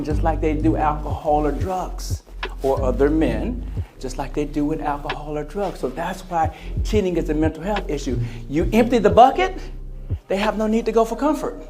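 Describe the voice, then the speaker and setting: A man's voice: on the high side, moderate pace, over music. A man giving a conference speech on emotional wellness, drawing the audience in with questions and acted-out quotes. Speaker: motivational speaker. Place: large convention center hall.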